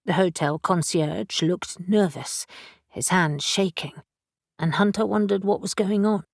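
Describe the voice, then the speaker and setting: Husky-voiced woman narrating an audiobook. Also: fairly low pitch, dry recording, studio quality. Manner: measured, even storytelling. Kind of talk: scripted narration.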